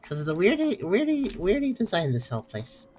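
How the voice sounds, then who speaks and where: Lively-voiced woman streaming a game. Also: mid-range voice, brisk, a little hiss or hum. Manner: chatty, reactive, playful asides. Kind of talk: casual gameplay commentary.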